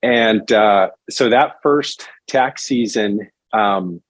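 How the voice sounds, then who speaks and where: A man, a financial advisor guest on a podcast, telling his career story in a relaxed conversational way. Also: lowish voice, drawn-out words, no echo. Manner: animated storyteller, acts out quoted voices.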